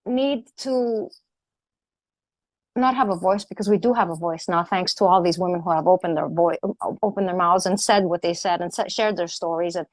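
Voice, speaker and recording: A woman's voice: fairly low pitch, moderate pace, no echo. A middle-aged woman speaking earnestly as a podcast guest, often repeating herself. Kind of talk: emotional interview talk.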